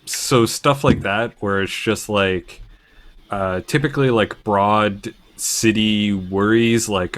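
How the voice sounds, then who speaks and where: A man's voice: fairly low pitch, takes it slowly, fairly bright tone. A man playing a tabletop game in a laid-back, chuckling way. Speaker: player. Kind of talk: casual tabletop play.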